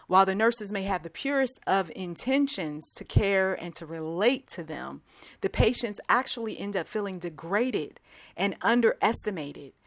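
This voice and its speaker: A woman's voice: mid-range voice, no echo. A middle-aged woman hosting a Christian advice show, talking casually and emphatically, with many asides.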